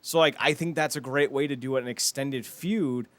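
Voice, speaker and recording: A man's voice: medium pitch, normal speed, dry recording. A man co-hosting a wrestling podcast, talking eagerly in casual chat and packing his speech with fillers. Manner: eager, filler-heavy talk with quoted asides. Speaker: podcast co-host.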